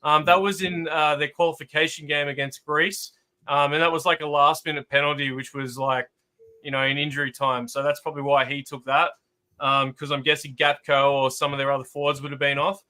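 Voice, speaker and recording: A man with an Australian accent, a guest football analyst, talking calmly and methodically with many filler ums. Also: fairly high pitch, brisk. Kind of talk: casual chat.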